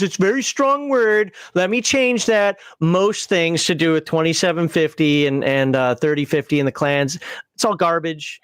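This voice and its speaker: A man with a Minnesotan accent hosts a casual call-in show, his voice sitting a little high. He rambles, restarts and corrects himself mid-thought, and the sound is dry and close to the mic. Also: dry recording. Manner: rambling, self-correcting, quick to laugh. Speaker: livestream host.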